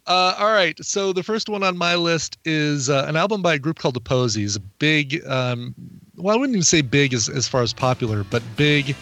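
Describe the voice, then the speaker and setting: A man's voice: on the high side, animated, moderate pace, fairly bright tone, dry recording. Male podcast host, easygoing rambling chatter, dry studio sound. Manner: rambling, self-interrupting, jokey. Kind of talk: casual podcast chat.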